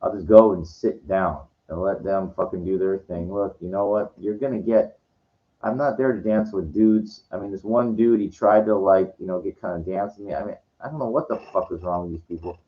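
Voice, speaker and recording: A middle-aged man telling a story from his night out in a rambling, halting, profane way, vlogging to camera. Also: sits low, steady tone. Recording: dull lo-fi recording.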